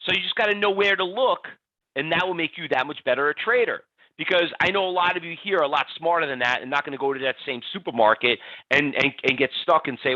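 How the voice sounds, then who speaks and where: A man with a bright, slightly raised voice runs a live trading class online, chatty and energetic. His audio is dry and close, with a dull, somewhat lo-fi webinar sound. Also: a little high, quick pace, no echo. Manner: energetic, reads out audience poll answers by name. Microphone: computer mic on a webinar stream.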